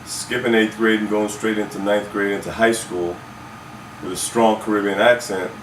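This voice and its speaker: Man from Saint Croix, reflective and unhurried, low and even, heard from across an echoey room. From Saint Croix, US Virgin Islands. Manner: reflective, with many fillers and restarts. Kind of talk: casual conversation. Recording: roomy, from some distance, faint noise.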